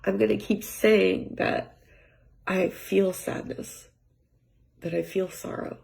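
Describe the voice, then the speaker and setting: A woman talking through her feelings in a rambling personal monologue at home, often dropping to a near-whisper, with halting restarts and light laughs. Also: medium pitch, fairly even intonation, vocal fry. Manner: soft-spoken, often trailing into near-whispers. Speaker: vlogger. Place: home with cats.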